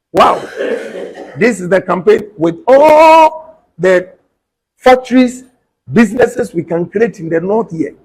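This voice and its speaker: A man's voice: sits high, breathy edge, rough recording. A Ghanaian man, a politician, making an emphatic, combative political statement and repeating points for stress.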